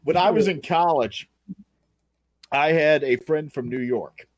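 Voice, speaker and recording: A man's voice: on the high side, unhurried, dry recording. Dry-voiced Southern man spinning anecdotes. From Southern United States. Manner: laid-back anecdotal storytelling with acted quotes. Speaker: comedy stream co-host. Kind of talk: casual storytelling chat.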